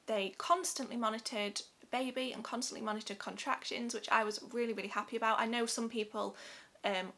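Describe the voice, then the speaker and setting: A young woman from England talks to camera in a casual, heartfelt vlog. Her voice is bright and a touch high. She is chatty and open, laughing easily as she tells the story. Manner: chatty, emotional, laughs often. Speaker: vlogger.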